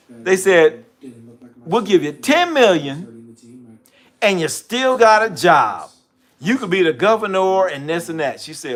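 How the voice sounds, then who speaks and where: Slow-talking animated male sports host. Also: sits high. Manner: animated storytelling, acts out deals with gruff voices; repeats himself, restarts. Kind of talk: casual sports talk.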